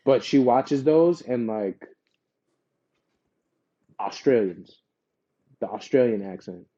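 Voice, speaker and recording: A man's voice: medium pitch, animated, takes it slowly, mellow, slightly rough, dull audio. A man co-hosting a podcast, talking casually in a rambling way with lots of fillers and restarts. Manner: laid-back, rambling with many fillers and restarts. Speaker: podcast co-host. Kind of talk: casual chat.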